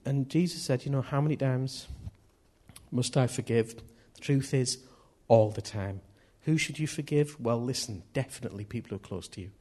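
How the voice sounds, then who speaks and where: Husky-voiced man preaching. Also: mid-range voice, animated, a little fast, hardly any pauses, a little mellow. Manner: earnest, repeats key phrases. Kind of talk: sermon.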